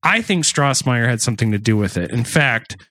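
A man's voice: medium pitch, expressive, moderate pace, a bit bright, no echo. A man co-hosting a casual true-crime podcast, talking loosely with asides and restarts. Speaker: podcast co-host.

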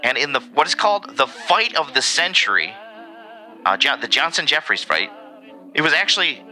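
Animated man reading history with jokes. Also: fairly high pitch, normal speed, soft background music, low-quality recording. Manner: animated, reads facts with joking asides. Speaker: podcast co-host. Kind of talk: casual podcast history segment.

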